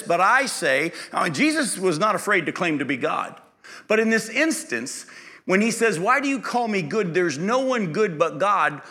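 A man teaching an interactive Bible lesson, quizzing his class and acting out the people he quotes. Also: high-pitched. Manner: lively, quizzes the class and acts out quoted speech.

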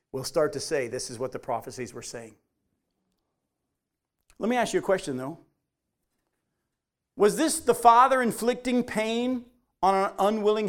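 High-voiced man preaching animatedly. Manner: animated preaching, voice rising on quotes. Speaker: pastor. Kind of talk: sermon with scripture reading.

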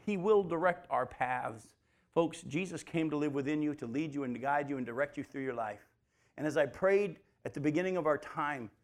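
A male preacher with a voice on the high side teaches the Bible in a conversational sermon. He calls his listeners folks and asks them rhetorical questions.

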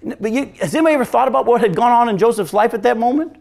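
A male pastor delivering a sermon in a high voice with a gravelly edge. He swings from hushed, drawn-out storytelling to raised, urgent questions put straight to his listeners. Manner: preaching with wide swings from hushed to loud, asking the congregation questions.

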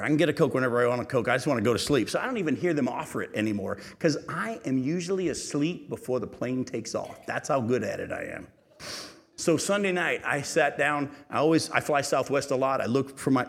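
A middle-aged male preacher telling a lively, humorous story from the pulpit, often laughing as he goes. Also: mid-range voice, slightly rough. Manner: animated storytelling, laughing at his own story. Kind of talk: sermon storytelling.

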